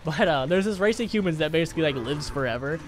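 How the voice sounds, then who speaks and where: A man's voice: on the high side, animated, fast, soft background music. A young man chatting on a gaming livestream, rambling and swearing as he retells a sad film and reads out chat donations. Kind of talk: casual live-stream chat.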